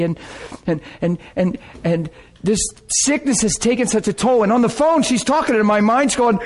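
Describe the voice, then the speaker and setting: A male pastor telling stories in a sermon, animated, acting out the people he quotes and breaking into high cries when excited. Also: normal speed. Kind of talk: sermon storytelling.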